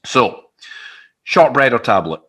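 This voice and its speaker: A man's voice: mid-range voice, sing-song, slow, bright, forceful tone, slightly rough. Friendly Scottish man hosting a chat. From Scotland. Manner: friendly, conversational. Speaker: interview host. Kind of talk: casual chat.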